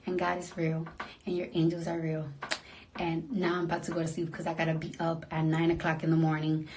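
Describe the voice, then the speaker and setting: A sleepy woman at home at night, talking into her phone on a casual livestream, soft and emotional and often dropping to a whisper. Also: sits low, completely flat delivery, brisk, noisy background.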